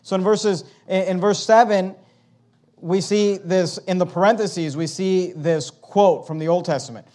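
A male pastor preaching an expository sermon, slowing down and stressing the scripture he quotes. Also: high voice, steady tone, a little mellow.

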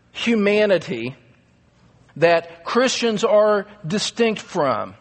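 A pastor with a fairly high voice delivers an earnest sermon at an unhurried pace. His words ring out with a long hall reverb, as if spoken in a church sanctuary. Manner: earnest, emphatic preaching with repeated stresses.

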